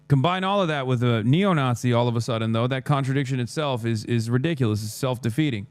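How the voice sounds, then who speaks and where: A man's voice: mid-range voice, clean tone, no echo. Male streamer, mid-range voice, sarcastic ranting commentary. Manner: sarcastic, crude, rapid rants. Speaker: political streamer.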